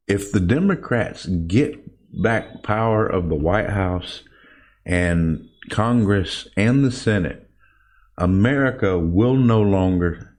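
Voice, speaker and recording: Male podcast host, low voice, unhurried, emphatic and indignant political monologue, calls listeners folks. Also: a little mellow. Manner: frequent restarts and fillers.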